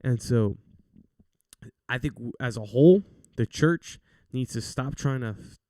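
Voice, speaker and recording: A man's voice: mid-range voice, a little slow, mellow, no echo, studio quality. A young man hosting a casual faith talk show, speaking in an earnest, chatty, encouraging way. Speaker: podcast host.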